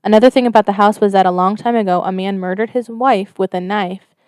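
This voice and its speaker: Woman podcast co-host, smooth clear voice, dry close mic, casual storyteller who swears. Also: medium pitch, fast talker, no room sound. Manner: casual, swears freely, reads stories in a steady flat telling.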